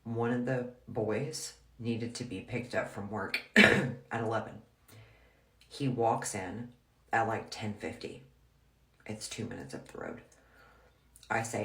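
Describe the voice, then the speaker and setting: A woman's voice: rumbling low, takes it slowly, gravelly, long pauses, a bit bright. A woman telling a personal story in a frank, blunt, casual way, full of "like". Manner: frank, blunt, heavy use of "like". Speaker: storyteller vlogger. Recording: roomy echo.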